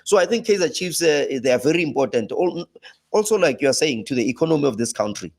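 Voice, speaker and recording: A man with a South African accent, talking football as a guest in a casual chat. His voice leaps high when he gets animated. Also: fast, gravelly. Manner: animated, pitch jumps high when laughing or exclaiming, frequent restarts.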